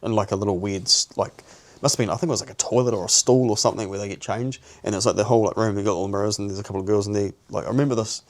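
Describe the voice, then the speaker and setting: A young New Zealand man with a lowish voice talks very fast in fairly even intonation. As a podcast co-host, he tells a personal story bluntly, swearing and peppering his speech with "bro."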